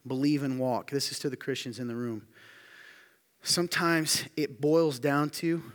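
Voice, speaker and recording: A man preaching a sermon to a room, firing emphatic questions and dropping to quiet asides. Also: mid-range voice, steady tone, measured pace. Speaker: pastor. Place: church hall with audience. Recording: long hall reverb.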